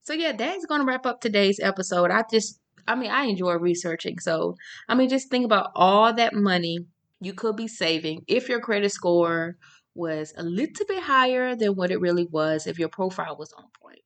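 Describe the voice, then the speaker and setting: A woman's voice: medium pitch, lively intonation, moderate pace. A woman in her thirties hosting a casual solo podcast, chatty and informal, often repeating her words for emphasis. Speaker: podcast host.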